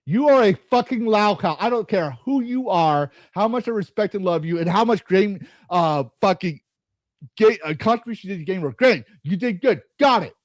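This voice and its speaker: A man's voice: high-pitched, expressive, normal speed, no room sound. A man hosting a gaming podcast, ranting angrily and swearing, with frequent repeats and restarts. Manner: angry, swearing, repeating himself. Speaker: podcast host and streamer. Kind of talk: heated podcast rant.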